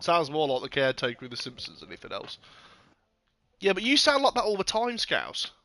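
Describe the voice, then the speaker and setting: Casual stream commentator: a man with a bright, crisp voice and a fairly high pitch, recorded dry, excitable and sweary. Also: a little fast, no room sound. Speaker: sim racing commentator.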